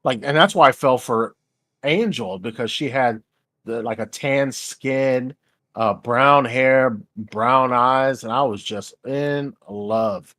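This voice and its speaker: A man in the middle of a loose, casual chat on a stream. He rambles and often breaks off, swears and laughs easily, and his pitch sits right in the middle. His voice is close and dry, with no room sound. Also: slow pace, fairly bright tone, no room sound. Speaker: stream host.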